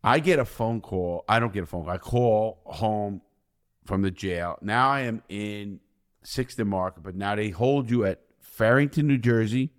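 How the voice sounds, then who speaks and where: A man from the US who served time recounts prison stories as an interview guest, blunt and foul-mouthed, rambling and starting over. His voice is on the low side, at a normal speed.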